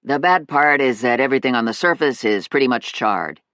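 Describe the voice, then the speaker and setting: A practical middle-aged handyman who talks plainly and lower than the narration, as an audiobook narrator puts him on. The recording is dry and close. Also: animated, brisk, fairly bright tone, dry recording. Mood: matter-of-fact. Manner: plain, matter-of-fact.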